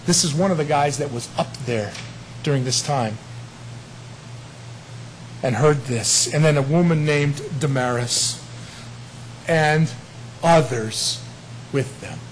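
Male preacher, high-pitched, playful and conversational, with slight hiss behind him. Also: takes it slowly, long pauses, rough recording. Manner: animated, swings between hushed asides and loud emphatic peaks; chuckles often, conversational and playful. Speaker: pastor. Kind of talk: sermon.

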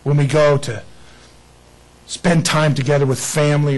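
A man preaching an Easter sermon in a lively way, acting out the people in the story. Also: a little high, slightly rough, rough recording. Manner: animated, acts out bible figures. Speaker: pastor.

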